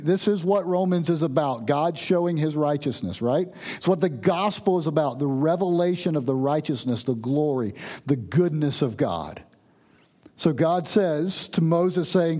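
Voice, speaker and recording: A man's voice: on the high side, a little mellow. A man preaching a sermon, earnestly explaining and reading scripture verses with emphasis. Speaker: pastor.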